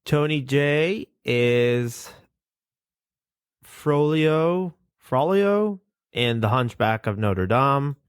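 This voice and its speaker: A man's voice: mid-range voice, lively intonation, very slow, clean tone, no room sound, studio quality. A man with a nasal voice co-hosting a casual podcast, reading definitions and cast lists aloud and swearing casually. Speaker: podcast co-host.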